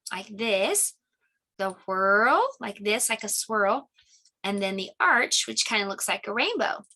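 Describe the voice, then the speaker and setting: Slow-talking bright woman teacher. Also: mid-range voice. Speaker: homeschool teacher. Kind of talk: children's lesson video.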